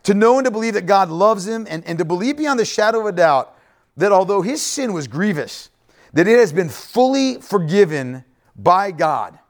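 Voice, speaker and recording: A man preaching in a lively, swinging voice that sits a little high. He speaks straight to the congregation, often checking in with "right?" and going back over his phrases. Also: moderate pace. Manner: conversational preaching, frequent "right?" asides and repeated phrases. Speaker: pastor. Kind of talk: sermon.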